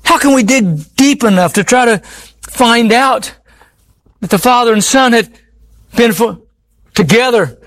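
A man's voice: very high voice, fairly bright tone. A man preaching a sermon in an earnest, pleading way, often repeating his words.

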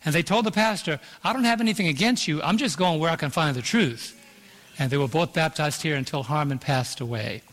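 A pastor preaching a sermon in an auditorium, calling out to the congregation and drawing out key phrases. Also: male voice, fairly high pitch, a bit bright. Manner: preaching with call-and-response and slowed emphasis. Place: large auditorium. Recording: long hall reverb.

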